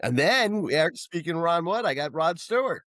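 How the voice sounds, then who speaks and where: A man's voice: a little high, lively intonation, normal speed, a bit bright, no echo, clean studio sound. A middle-aged man co-hosting a podcast, chatting enthusiastically about rock singers with many restarts. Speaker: podcast co-host. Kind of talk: casual rock music chat.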